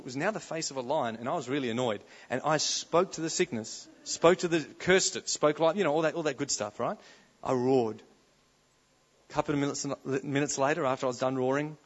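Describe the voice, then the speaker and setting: Animated male preacher, soft to loud. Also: medium pitch. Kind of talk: conference sermon. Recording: slightly dull live recording.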